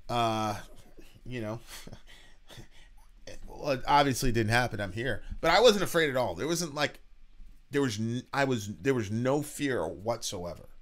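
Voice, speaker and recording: A man co-hosting a reaction show, telling a personal story in a halting, earnest way with repeated words and casual swearing. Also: medium pitch, lively intonation. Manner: earnest and reflective. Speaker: podcast co-host, father.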